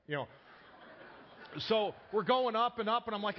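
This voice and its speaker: A man's voice: high voice, animated, brisk, muffled recording, slight background noise. A man preaching a sermon in a conversational way, telling a personal story and often repeating words as he starts sentences. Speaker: pastor.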